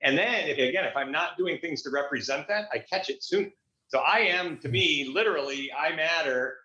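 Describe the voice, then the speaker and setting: A man's voice: on the high side, normal speed, bright, forceful tone. A man, a guest business coach, talking in an upbeat, motivational way in a casual interview. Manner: upbeat, motivational, restarts phrases. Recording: echoey, dull lo-fi sound.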